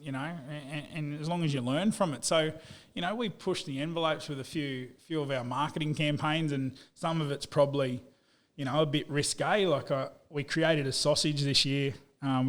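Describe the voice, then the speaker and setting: An Australian man chatting on a podcast, his voice sitting a bit high. He tells stories in an easygoing, blokey way and keeps peppering them with "mate" and "you know.". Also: moderate pace, few pauses. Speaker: business owner. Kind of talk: casual podcast storytelling.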